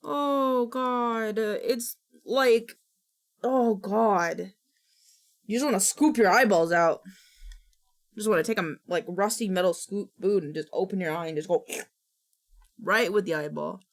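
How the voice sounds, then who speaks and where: Slow-talking dramatic young woman streamer. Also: mid-range voice. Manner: dramatic, shrieks and groans, trailing restarts. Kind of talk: casual live-stream chat.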